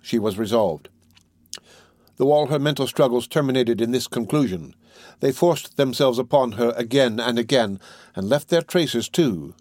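A man narrating a classic novel in a measured, steady reading. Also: mid-range voice, no room sound. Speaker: audiobook narrator.

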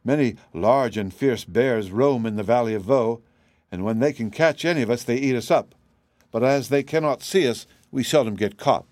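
A man's voice: mid-range voice, normal speed, a little mellow, no room sound, close to an everyday voice. A man voicing an invisible man who answers questions in a matter-of-fact way in an audiobook. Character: invisible man, guarded then friendly. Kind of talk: audiobook character reading.

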